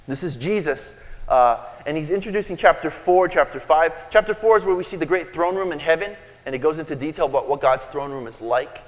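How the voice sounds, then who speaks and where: A man's voice: on the high side, expressive, fairly quick. Man preaching in a reverberant hall. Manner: storytelling, acts out quotes with sudden shouts. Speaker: pastor. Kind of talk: sermon.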